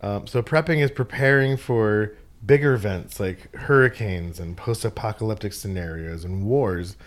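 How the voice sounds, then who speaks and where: A man's voice: lowish voice, moderate pace. A man as a podcast guest, chatting casually, self-deprecating and joking as he explains things plainly. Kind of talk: casual interview chat.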